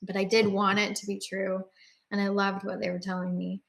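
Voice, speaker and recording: An earnest woman recounts her own faith story in a casual, conversational way. She often pauses on fillers and starts sentences over, and her voice carries quiet emotion as she speaks. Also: medium pitch, flat delivery, creaky. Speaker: guest sharing her faith testimony. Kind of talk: personal testimony, casual storytelling.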